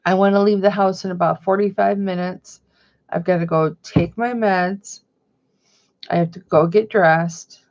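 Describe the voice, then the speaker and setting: Chatty gravelly woman vlogging. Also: fairly low pitch, highs cut off. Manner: rambling, chatty. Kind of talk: casual chat. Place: home.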